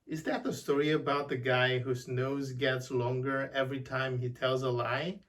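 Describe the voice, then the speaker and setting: A man's voice: medium pitch, flat delivery, moderate pace, a bit bright, recorded from a distance, close to an everyday voice. A man voicing a cheerful grown-up male writer, reading evenly and carefully aloud. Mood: eager.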